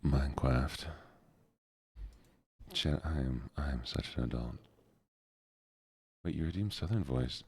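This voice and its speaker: A man chatting softly with his livestream viewers while he plays a video game, joking around in a goofy way. His voice sits extremely low and is very husky and breathy, with a dark, mellow tone. He is close to the mic in a dry room. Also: animated, measured pace, long pauses, no echo. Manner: soft-spoken and goofy, joking with chat. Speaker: streamer. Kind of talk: soft-spoken gaming livestream chat.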